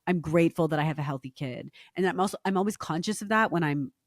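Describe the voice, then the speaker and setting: A woman's voice: deep voice, fast, no room sound, studio quality. Candid, reflective woman podcast guest. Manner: candid, reflective, often laughs. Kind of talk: casual podcast chat.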